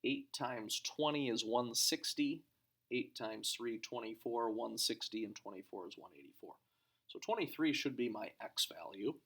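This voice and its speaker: A man with a gravelly edge to his mid-range voice walks through a math lesson. He talks through each step out loud and works the sums as he goes. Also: mid-range voice, normal speed. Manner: talks through steps aloud, thinking as he goes. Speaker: math teacher.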